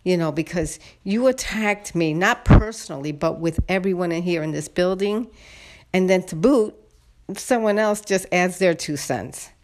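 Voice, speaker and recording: A woman vents to her viewers in a casual vlog story, talking straight to them. She sounds indignant and worked up. Her voice sits on the low side for a woman. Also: normal speed, darkish tone. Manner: indignant, venting, talks to viewers directly. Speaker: vlogger.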